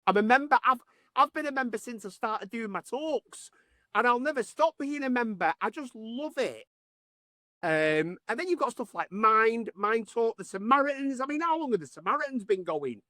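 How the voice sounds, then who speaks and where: A man's voice: extremely high pitch, expressive, moderate pace, bright, forceful tone, no echo, studio quality. A man, a podcast host talking in a casual, heartfelt way who repeats phrases for emphasis.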